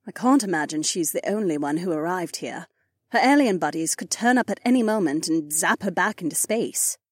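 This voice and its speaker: A man reading an audiobook, voicing a brisk, practical young woman soldier with a clipped, matter-of-fact delivery. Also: high-pitched, expressive, no echo, clean studio sound, pitched above the performer's own voice.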